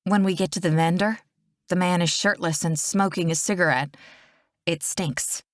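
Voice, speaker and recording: Woman reading a romance audiobook, lowish voice, close dry mic. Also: fairly even intonation, normal speed, no room sound. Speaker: audiobook narrator. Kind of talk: first-person romance audiobook narration.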